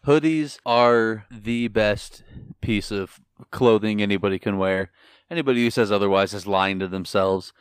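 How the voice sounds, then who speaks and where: A man with a slightly low voice, recorded close and dry with almost no room sound. He co-hosts a podcast in relaxed, casual chat, rambling and gushing with eager enthusiasm about what he loves. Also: normal speed, clean tone, no room sound. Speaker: podcast co-host.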